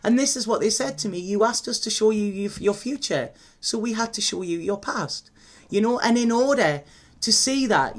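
A woman, a tarot reader, talking candidly and emotionally in a confessional vlog monologue, swearing casually as she speaks. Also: medium pitch.

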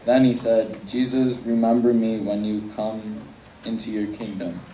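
A man's voice: lowish voice, little pitch movement, a little slow, dark tone, a little hiss or hum. Man reading scripture from far off. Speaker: scripture reader. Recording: echoey room from far off, faint ambience.

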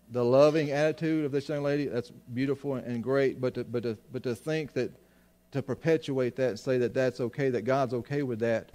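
A man's voice: medium pitch, mellow. A man preaching a sermon to his congregation, often restarting phrases and asking them questions. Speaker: pastor.

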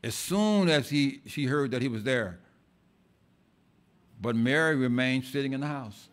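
A male pastor preaching an impassioned sermon in a church, swinging between loud outbursts and hushed asides and often repeating words. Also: medium pitch, lively intonation, a little slow, pauses often.

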